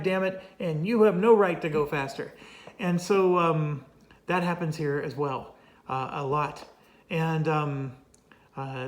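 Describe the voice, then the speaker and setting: A chatty man with a somewhat high-pitched voice talks through a board game he is playing on his own, laying out the rules step by step. He is wry and easygoing, and every so often wanders off into a good-humored rant. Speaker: board game player and channel host. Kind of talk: casual solo board game playthrough commentary.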